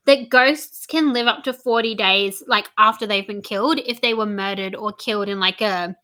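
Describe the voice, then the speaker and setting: Bright-voiced chatty young woman. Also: mid-range voice. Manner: chatty, quick recaps, frequent "like" and "um". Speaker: book discussion co-host. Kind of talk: casual book chat.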